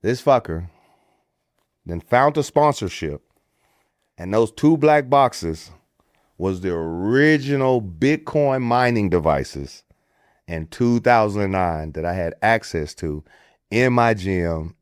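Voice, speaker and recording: Middle-aged American man, podcast storyteller, very expressive pitch, dry close mic. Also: slow, no room sound. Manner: animated storyteller, puts on voices for quotes, swears freely. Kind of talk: casual storytelling.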